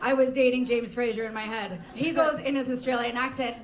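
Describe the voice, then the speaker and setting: A woman's voice: on the high side, fairly even intonation, brisk, hardly any pauses. A young woman telling a comic dating story on stage, chatty and always checking in with the crowd with "okay?" and "right?". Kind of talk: live comedic storytelling. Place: live show venue with an audience. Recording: echoey room with a loud crowd.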